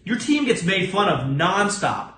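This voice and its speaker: A man's voice: sing-song, measured pace, pushed and bright, reverberant. A man hosting a sports podcast alone, giving blunt, profane, emphatic opinions. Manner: acts out other people's lines in a lower voice. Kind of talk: solo opinion rant.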